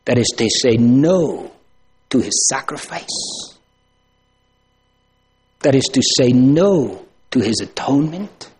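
A man preaching a sermon, asking rhetorical questions and swinging from loud emphasis to hushed tones. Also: medium pitch, lively intonation, slow pace, long pauses, slight background noise.

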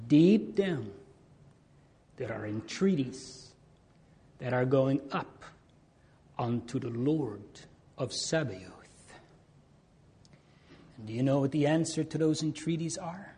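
Male preacher, slow delivery, soft dark tone, rises to loud appeals then drops to near-whispers. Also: medium pitch, expressive. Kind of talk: sermon.

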